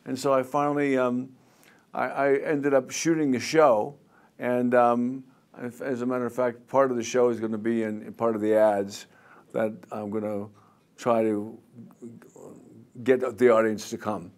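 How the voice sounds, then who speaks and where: A man in his seventies, a singer telling stories in a casual interview, rambling and animated, mimicking crowd chants. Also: medium pitch, measured pace. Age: 70s.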